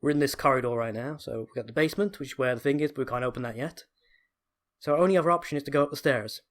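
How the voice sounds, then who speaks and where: A man's voice: mid-range voice, very fast. A man giving chatty, enthusiastic gameplay commentary, often correcting himself. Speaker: let's play host.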